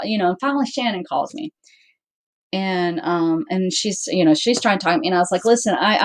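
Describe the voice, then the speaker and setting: A woman hosting her own channel, casually telling a story to her viewers, acting out what everyone said and restarting her sentences often. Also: medium pitch. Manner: animated, acts out quoted dialogue; rambling with frequent restarts. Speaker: channel host.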